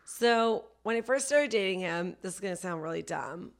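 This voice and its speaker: Woman, comedian guest, gravelly vocal fry, mid pitch, chatty and self-deprecating, slightly coughing. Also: expressive, moderate pace. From Canada. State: coughing, dry throat. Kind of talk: casual podcast chat.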